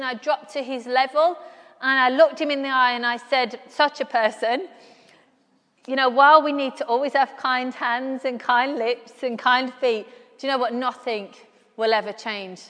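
A woman's voice: high-pitched, a bit bright. A woman preaching a sermon, earnest and repeating key phrases for emphasis. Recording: long hall reverb.

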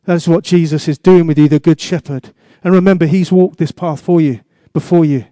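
A man's voice: a little high, fairly even intonation, normal speed, warm tone, dry recording, studio quality. A man preaching a sermon as pastor, asking the congregation questions and repeating his exhortations.

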